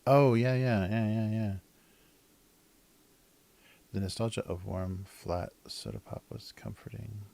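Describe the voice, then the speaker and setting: A middle-aged man with a lowish voice talks at an unhurried pace during a casual drawing livestream. He rambles, breaks off mid-sentence and laughs a lot. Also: creaky, dark tone. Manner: rambling, self-interrupting, laughs often. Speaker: cartoonist livestreamer.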